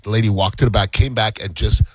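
A man's voice: lowish voice, fairly even intonation, fast talker, slight background noise, rough recording. A man chatting casually as a co-host, blunt and emphatic, acting out the quotes in his stories. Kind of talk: casual chat.

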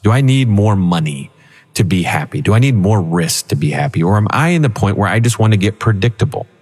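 A man co-hosting a financial radio show, telling stories with animated chat. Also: lowish voice, a little fast, slightly rough, long reverb tail. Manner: animated storytelling with laughs. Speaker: financial advisor co-host.

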